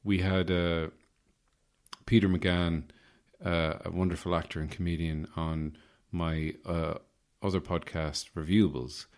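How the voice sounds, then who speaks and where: A man hosting a podcast, his voice slightly rough, rambling through an improvised comic monologue with self-mocking asides. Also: low voice, flat delivery, unhurried, darkish tone. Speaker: podcast host.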